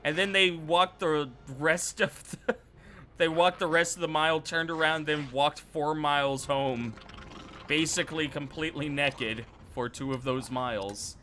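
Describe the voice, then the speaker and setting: A man's voice: a little high, fairly even intonation, measured pace, sharp tone, slight background noise. A man streaming a game and telling a rambling, loose story with frequent self-corrections. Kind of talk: casual storytelling while gaming.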